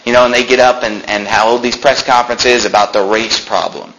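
A man's voice: mid-range voice, a little fast, noisy background. Man preaching a conversational sermon. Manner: conversational preaching, animated outbursts and mocking quotes. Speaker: pastor. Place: church sanctuary.

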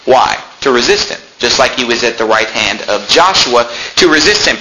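A man's voice: high voice, normal speed, background noise. A man preaching a sermon in a church, reading scripture aloud and telling his listeners which words to underline. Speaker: pastor.

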